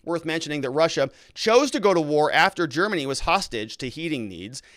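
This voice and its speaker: A man's voice: on the high side, sing-song, brisk, a bit bright, no room sound, studio quality. A man hosting a casual livestream, reading viewer comments aloud and answering them in a blunt, opinionated way with irritated asides. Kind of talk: casual live-stream commentary.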